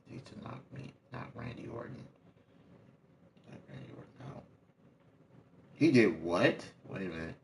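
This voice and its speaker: A man's voice: medium pitch, expressive, measured pace, gravelly, pauses often, a little hiss or hum. A man reacting to a clip during gameplay in casual chat.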